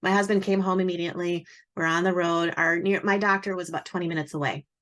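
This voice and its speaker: A woman in her forties, an author, telling a personal story in a lively way and acting out the dialogue. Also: on the low side, quick pace. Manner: animated, acts out quoted dialogue.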